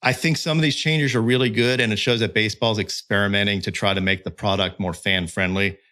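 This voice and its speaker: A man's voice: lowish voice, steady tone, a little fast, bright, forceful tone. A middle-aged man talking candidly and emphatically as a podcast guest, with fillers and restarts. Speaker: guest, content creator and pitching analyst. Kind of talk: casual podcast conversation.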